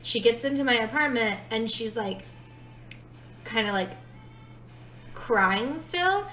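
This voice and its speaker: A woman's voice: a little high, expressive, slow pace, sharp tone, roomy sound, faint music behind, low-quality recording. A woman in her twenties telling a personal story in a casual vlog, chatty and full of fillers. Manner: chatty, many "like" fillers, dramatic retelling. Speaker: storytime vlogger.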